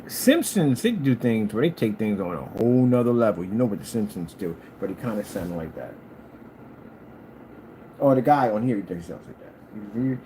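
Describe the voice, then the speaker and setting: A man hosting his own channel, talking in a casual rambling monologue and jumping up high when he quotes people. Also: moderate pace, slight background noise. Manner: animated storyteller, jumps high for quoted lines; scolding, talks straight to a critic. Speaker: channel host.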